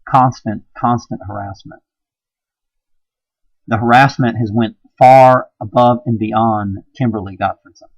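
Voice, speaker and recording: A man giving an impassioned, preachy monologue, swinging between hushed and loud emphasis. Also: medium pitch, steady tone, measured pace, dry recording, muffled recording. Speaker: video blogger.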